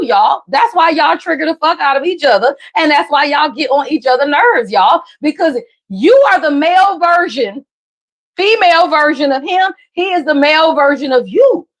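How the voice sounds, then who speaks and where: Loud, profane high-voiced woman reader. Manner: blunt, profane, repeats "y'all" constantly; sudden jumps between loud emphasis and low asides. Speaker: spiritual reader on a live stream. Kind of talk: live tarot reading stream.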